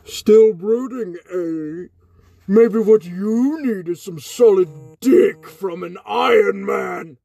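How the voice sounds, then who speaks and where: Smug male armored superhero, put on by the host, slow gravelly drawl, dry close mic. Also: medium pitch, dark tone, dry recording. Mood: teasing. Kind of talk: fan script voice acting.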